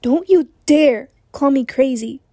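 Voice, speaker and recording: A woman with a hoarse voice voicing a desperate, cornered young man in an audiobook, pleading and shouting. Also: on the high side, level tone, measured pace, no echo, studio quality. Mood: shouting defiance.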